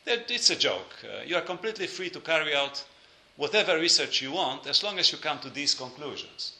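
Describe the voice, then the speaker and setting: Bright-voiced man lecturing in an echoey room. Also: fairly high pitch, expressive, brisk. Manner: hesitant with many fillers, dry joking asides.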